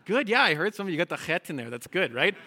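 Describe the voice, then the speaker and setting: A man with a high, very animated voice speaks quickly in a sharp tone. He's a guest Hebrew teacher guiding a congregation through a lesson in call and response, frequently checking in with "okay?" and "right?".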